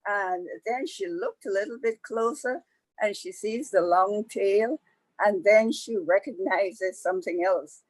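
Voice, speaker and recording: Caribbean-born woman telling a folk tale, slow and chatty, dry close sound. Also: medium pitch, no echo, rough recording. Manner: lively, conversational, asides to audience. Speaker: storyteller. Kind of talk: oral folktale telling.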